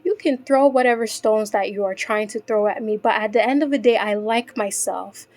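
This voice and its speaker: A woman's voice: mid-range voice, normal speed, darkish tone. A woman in a faceless vlog giving a heartfelt motivational chat to other women. She talks earnestly, repeats herself for emphasis and speaks of her faith. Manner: earnest, repetitive, speaks straight to the listener as "ladies"; faith-driven encouraging tone.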